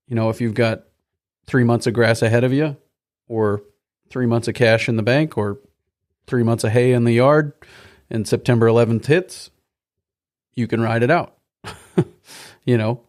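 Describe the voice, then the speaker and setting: A man's voice: mid-range voice, fairly even intonation, a little slow, pauses often, darkish tone. A man hosting a podcast interview in an easygoing, folksy way, laughing often. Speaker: podcast host.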